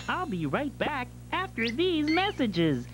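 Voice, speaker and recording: A man's voice: very high voice, muffled recording, exaggerated voice. A man voicing a cheerful, giggly cartoon face that hosts a children's channel in a sing-song way. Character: cheerful cartoon face host, male, playful. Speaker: channel host. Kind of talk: children's TV presenting.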